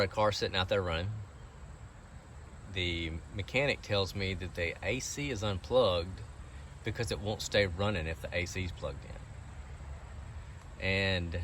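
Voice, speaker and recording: A man's voice: sits low, fairly bright tone, a little hiss or hum. A man telling a long, aggrieved story about a car repair in a rambling, casual way.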